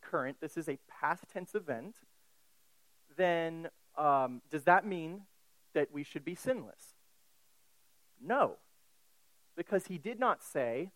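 A man preaching an expository sermon, emphatic and deliberate, with casual asides and quick self-corrections. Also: a little high, dry recording, rough recording. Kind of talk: sermon, expository Bible teaching.

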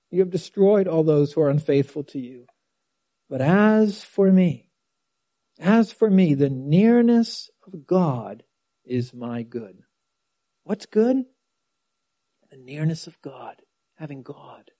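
A man's voice: on the high side, lively intonation, slow pace, warm tone, no echo. A man preaching a sermon, reading scripture aloud and stressing key words, sometimes dropping almost to a whisper. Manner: dramatic quoting of scripture.

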